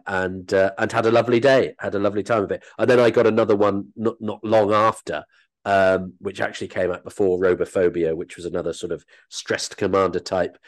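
As an interview guest, a man who works as an actor and comedian tells animated, self-deprecating anecdotes. His voice sits low.

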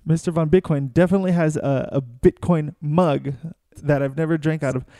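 Higher-voiced man with a mellow tone. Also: steady tone, fairly quick, no echo, clean studio sound. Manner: joking, laughing easily. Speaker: podcast host. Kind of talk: casual late-night podcast chat.

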